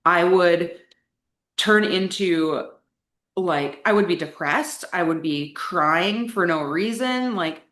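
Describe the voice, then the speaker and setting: A woman's voice: lowish voice, slow, a bit bright. Candid young woman in an echoey room. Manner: candid, chatty, frequent "like" fillers. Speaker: coaching client sharing her story. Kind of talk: casual interview talk.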